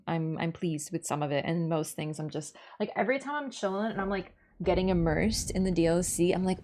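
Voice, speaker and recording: A woman's voice: lowish voice, lively intonation, a little fast, hardly any pauses, a little mellow. A woman streamer chatting casually and ranting as she plays, swearing freely. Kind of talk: casual gameplay commentary. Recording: game music playing under the voice.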